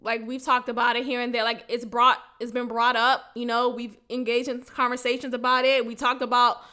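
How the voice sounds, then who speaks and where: A woman's voice: a little high, level tone, brisk, pushed and bright. A woman hosting a podcast in a frank, profane casual monologue, often laughing as she talks. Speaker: podcast host.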